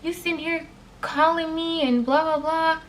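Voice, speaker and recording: A woman's voice: steady tone, moderate pace, a little hiss or hum. A woman putting on the voice of a grieving middle-aged mother who screams at her in outrage. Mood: screaming. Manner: shrill, yelling in outrage.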